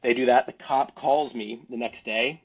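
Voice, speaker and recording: A man with a husky, mid-range voice, steady in tone and at normal speed, appears as a podcast guest. He tells a story in a casual, animated way, rambling and laughing between lines, and the sound is dull and lo-fi.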